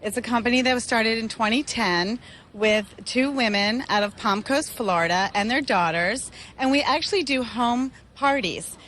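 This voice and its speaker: A woman selling fair-trade goods at a market, giving a friendly, persuasive pitch to a reporter. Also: normal speed, fairly bright tone, slight background noise. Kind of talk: upbeat sales pitch. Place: outdoor market.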